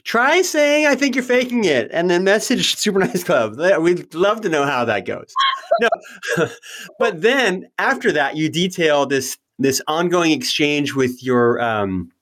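A man hosting an interview podcast, chatting casually with quick self-deprecating asides. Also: a little high, sing-song, fairly bright tone. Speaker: podcast host.

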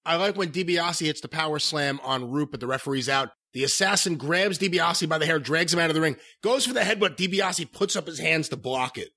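Bright-voiced man recapping wrestling. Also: a little high, fairly quick, hardly any pauses, dry recording, studio quality. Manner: enthusiastic play-by-play recapping. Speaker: wrestling review podcast co-host. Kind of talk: casual analytical chat.

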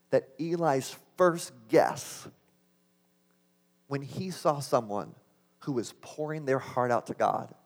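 A man preaching a sermon, earnest and building to impassioned exclamations. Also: medium pitch. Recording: long hall reverb.

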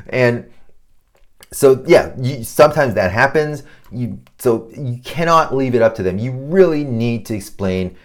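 A man's voice: medium pitch, lively intonation, a little slow. A man hosting a design podcast, giving casual advice in a loose, swearing, ranting monologue. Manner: swears a lot, ranting, mocks clients in put-on voices. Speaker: podcast host.

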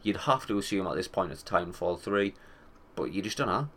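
Young man, casual gaming chat, slightly low voice, sweary, wry, rambling. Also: animated, a little fast, fairly bright tone, slight background noise. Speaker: gaming commentator.

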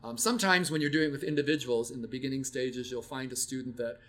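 An older man speaking at an ordinary middle pitch, in a relaxed teaching conversation. He shares stories from a long career in music education, often restarting a sentence as he thinks. His manner is reflective and unhurried. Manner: reflective, storytelling, frequent restarts. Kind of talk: casual teaching talk.

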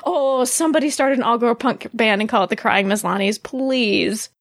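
A woman co-hosting a podcast in casual chat, animated and laughing often as she talks. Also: fairly high pitch, normal speed, no room sound, clean studio sound. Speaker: podcast co-host.

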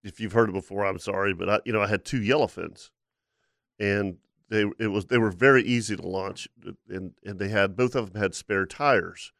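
A man's voice: on the low side, normal speed, fairly bright tone, no echo, clean studio sound. Stammering man host telling a story. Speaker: fishing show host, captain. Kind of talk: casual podcast chat.

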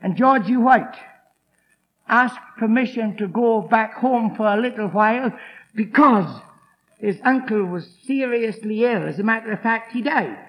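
A man with a very high voice preaches to a congregation, driving his points home with emphatic force. He tells stories from the pulpit and acts out the people in them. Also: measured pace, a bit bright, low-quality recording. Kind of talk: evangelistic sermon with storytelling.

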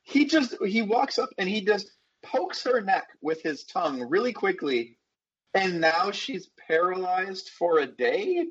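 Hesitant, slow-talking podcast voice. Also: mid-range voice, very animated, husky, dull audio. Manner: halting, hesitant, many um and uh. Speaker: podcast co-host. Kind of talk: casual movie recap chat.

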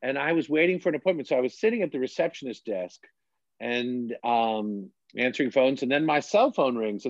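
A man's voice: medium pitch, no echo, muffled recording. A man in his fifties from Washington, D.C., a bishop telling his story in a chatty, self-deprecating way in an interview.

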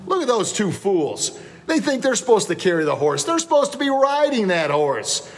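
A man's voice: high voice, very animated, normal speed, pitched above the performer's own voice. A man voicing a judgmental townsperson who mocks passersby in a told story. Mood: scornful. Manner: mocking, indignant yelling.

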